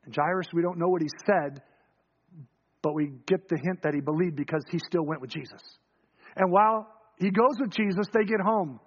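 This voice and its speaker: A man preaching a sermon, telling the story and acting out quoted voices, swinging from quick, loud runs to low, hushed lines. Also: highs cut off.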